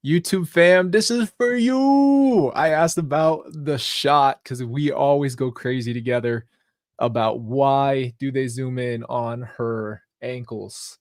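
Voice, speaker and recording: A young man hosting a podcast, thanking his viewers in a heartfelt, halting way with many restarts, and getting close to tears. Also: mid-range voice, creaky, no echo. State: emotional, near tears. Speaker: podcast host. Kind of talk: live podcast sign-off to viewers.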